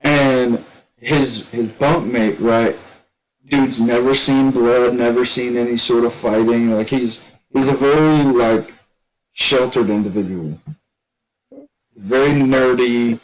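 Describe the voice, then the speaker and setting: A man's voice: medium pitch, steady tone, takes it slowly, poor audio. Rambling man telling a story. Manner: rambling, restarts a lot, shouts when quoting others. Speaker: gaming streamer telling a story. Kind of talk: casual storytelling.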